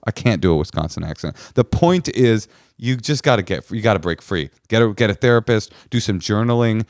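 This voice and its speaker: A man's voice: on the low side, moderate pace, a little mellow, no room sound, clean studio sound. A man hosting an advice podcast, talking bluntly and passionately, with plenty of swearing. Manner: blunt, profane and impassioned. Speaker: podcast host giving advice. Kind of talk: casual advice chat.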